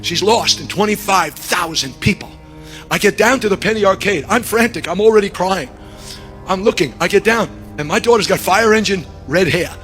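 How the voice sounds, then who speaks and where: A middle-aged man preaching a sermon through a long personal story, animated, dropping low and then shouting. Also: moderate pace, faint music behind. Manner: animated, shifts from hushed to shouting.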